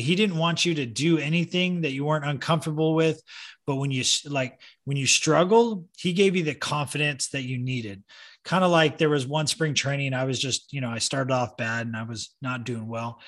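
A man, a former relief pitcher, chatting casually on a podcast and acting out quotes in his stories. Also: brisk, a bit bright. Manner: storytelling, acts out quotes animatedly. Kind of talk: casual sports podcast chat.

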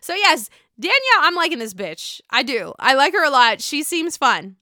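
A young woman recapping a reality show in a casual, gossipy, animated way, swearing freely. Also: sits high, normal speed, no room sound, studio quality.

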